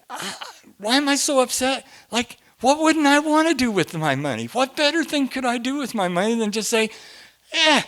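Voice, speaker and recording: A middle-aged man telling a personal story to a group, animated, laughing often and swinging from hushed to loud. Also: high voice.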